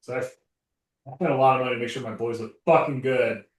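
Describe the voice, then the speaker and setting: A man's voice: medium pitch, fairly even intonation, fairly quick. Casual male player, distant and roomy. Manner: casual, trailing into quiet asides. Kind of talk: tabletop play. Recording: roomy sound, mic at a distance.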